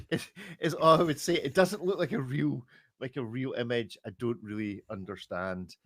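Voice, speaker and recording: A man's voice: medium pitch, normal speed, fairly bright tone, no room sound, studio quality. A man hosting a casual podcast, chatty and joking, laughing often. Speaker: podcast host.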